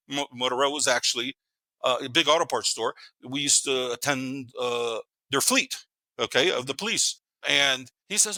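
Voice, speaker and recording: Fast-talking, bright-voiced man in his fifties. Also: fairly high pitch, no room sound. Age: 50s. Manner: rambling and animated, swears freely, laughs while telling stories. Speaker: podcast guest. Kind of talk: casual storytelling.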